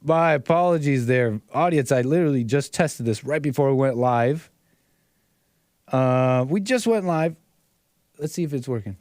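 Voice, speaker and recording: A man's voice: medium pitch, animated, moderate pace, a little mellow, dry recording, studio quality. A man hosting a call-in livestream show, talking casually in a rambling way, repeating phrases and chuckling often. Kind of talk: casual talk-show commentary.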